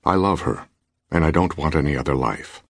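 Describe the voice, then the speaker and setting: Brief: male narrator, very deep and husky, wry measured first-person read, dry booth. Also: lively intonation, dry recording. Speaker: audiobook narrator. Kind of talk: scripted narration. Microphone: close studio mic.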